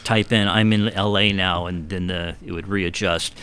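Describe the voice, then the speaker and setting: A man's voice: low-pitched, normal speed, clear, resonant tone. A middle-aged man telling a rambling, self-deprecating story in a casual chat, acting out what people said. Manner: animated anecdotes with acted-out quotes. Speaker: guitar builder guest.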